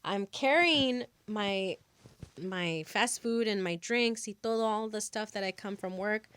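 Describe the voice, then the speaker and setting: A young adult woman hosting a podcast, telling a story in a casual, animated way and acting out the scenes. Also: mid-range voice, measured pace, smooth, no room sound. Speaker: podcast host.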